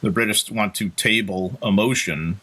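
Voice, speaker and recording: Man, low voice, bright edge, thoughtful co-host, anecdotes, video call. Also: normal speed, breathy edge. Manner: thoughtful, many fillers and restarts, tells anecdotes. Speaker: podcast co-host. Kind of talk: casual discussion.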